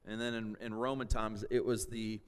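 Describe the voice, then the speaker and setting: A man teaching a sermon and reading scripture, pausing to check in with his listeners with "okay?" and "all right?" and rising to loud shouts for emphasis. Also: on the low side, level tone, clear, resonant tone. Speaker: pastor. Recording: long hall reverb.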